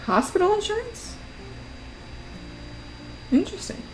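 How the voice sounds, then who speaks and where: A woman's voice: extremely high pitch, sing-song, a little slow, darkish tone, soft background music, low-quality recording. Chatty woman streamer, laughing often. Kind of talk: casual chat while drawing on a livestream.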